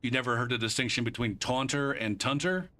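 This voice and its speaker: A man's voice: mid-range voice, a little fast, sharp tone. A male streamer chatting casually with his viewers while playing, arguing and swearing freely. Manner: argumentative, bantering with chat. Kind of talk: casual live-stream chat while gaming.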